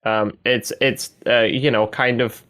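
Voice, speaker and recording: A man in a casual podcast chat, hesitant and full of ums, yet expressive. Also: mid-range voice, measured pace, clean tone.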